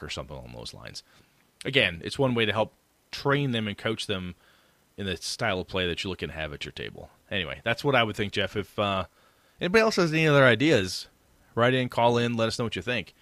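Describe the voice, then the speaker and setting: Male podcast co-host, low and animated, talks in casual chat with acted-out quotes, dry recording. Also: a little fast, no room sound. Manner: animated, acts out quoted players and game masters.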